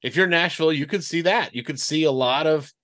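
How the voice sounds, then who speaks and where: A man's voice: on the high side, a little fast, a bit bright. A man co-hosting a sports podcast, rambling and explaining with lots of "you know" and "like". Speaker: podcast co-host, sports reporter. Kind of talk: casual sports podcast chat.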